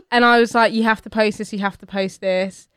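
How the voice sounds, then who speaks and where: A young woman co-hosting a podcast, chatting casually with animated, slangy, laughing banter. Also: medium pitch, normal speed, smooth, no room sound, clean studio sound. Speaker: podcast co-host. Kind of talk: casual chat.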